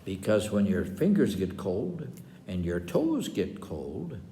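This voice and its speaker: A man's voice: lowish voice, huge pitch swings, slow, mellow, a little hiss or hum. An older man from Wisconsin tells folksy stories for children, rambling along with chuckles and asides. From Wisconsin, USA. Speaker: storyteller. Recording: echoey room with long reverb.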